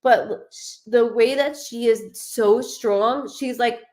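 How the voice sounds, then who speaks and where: A woman's voice: on the high side, fairly even intonation, slow pace, a little mellow. A woman medium giving a live psychic reading, rambling and swearing, often restarting her sentences. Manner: rambling, profane, frequent restarts.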